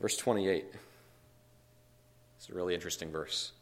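A man teaches a Bible study in a relaxed, conversational way, reading scripture passages and stopping to explain them. His voice sits on the lower side. He leans on key words with emphatic asides. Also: normal speed.

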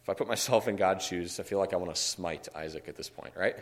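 Speaking fast in a low voice, a man runs a Bible study, reading passages of scripture aloud. He teaches conversationally, explaining the text with emphatic asides.

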